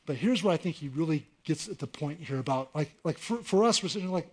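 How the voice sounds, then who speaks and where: A middle-aged man, a pastor, preaching a conversational sermon that rises into animated emphasis. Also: fairly high pitch, quick pace, slightly rough.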